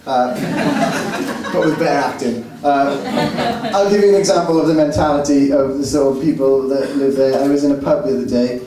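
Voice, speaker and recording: A man from the Rhondda doing halting, self-deprecating stand-up. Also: on the high side, dark tone. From the Rhondda, Wales. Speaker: stand-up comedian. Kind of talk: stand-up set. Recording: echoey club room heard from a distance.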